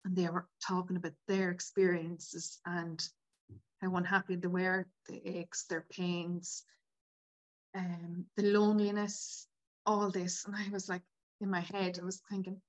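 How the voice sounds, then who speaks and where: A woman in her 50s, appearing as a podcast guest, tells her own story candidly and is tearful at times, filling her speech with lots of "like." Her voice is fairly low and level, and she speaks at a measured pace in this emotional personal account.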